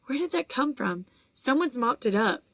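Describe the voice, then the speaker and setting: A woman's voice: sits high, expressive, normal speed, no echo, voice pushed up. Woman reading as a curious teenage schoolboy.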